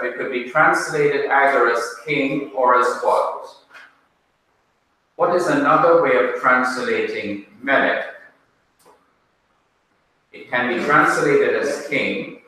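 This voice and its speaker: A man with a Jamaican accent teaching a language class in a classroom, speaking deliberately and quizzing his students with questions. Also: medium pitch, pushed and bright, slight background noise. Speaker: Bible teacher. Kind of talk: classroom lecture. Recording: echoey room, mic far off.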